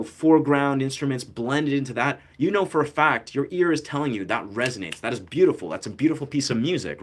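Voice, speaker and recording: A young man talks music straight to his camera in a loose, slangy ramble. He circles his points with fillers and restarts. His voice sits in an ordinary middle pitch. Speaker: musician and content creator. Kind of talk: casual talk to camera about music.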